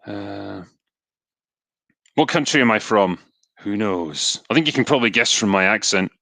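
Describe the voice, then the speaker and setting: Reading out viewer donations on his live stream, a Scottish host answers them casually, chatting with plenty of ums and side remarks. He speaks at a moderate pace in a fairly low, creaky voice, and the recording is dry.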